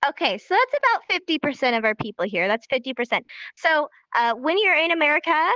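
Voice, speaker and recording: Bright, upbeat woman teaching live. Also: high voice, sing-song, brisk, no echo, muffled recording. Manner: upbeat, encouraging. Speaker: sign language teacher. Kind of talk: live online lesson.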